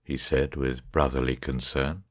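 A man narrating an audiobook chapter in a measured, even way. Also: a bass voice.

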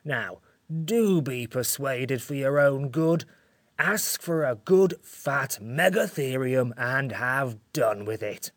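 A man's voice: mid-range voice, animated, takes it slowly, no room sound. A man voicing a grumpy, sleepy sand-fairy creature in a storybook reading, cold and scolding in manner.

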